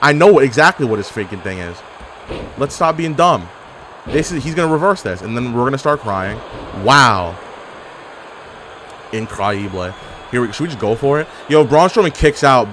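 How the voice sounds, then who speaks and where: A young man giving sarcastic, animated trash-talk commentary over his own online wrestling game. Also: medium pitch, normal speed, long pauses, slight background noise. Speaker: gaming YouTuber. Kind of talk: live gameplay commentary.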